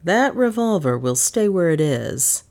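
A cold, passionless male detective with a low voice, read by a woman narrator. He speaks stolidly and without feeling. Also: very animated, unhurried, darkish tone.

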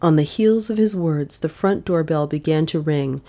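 A woman reading a mystery novel aloud in measured, dramatic narration. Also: low voice, mellow. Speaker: audiobook narrator.

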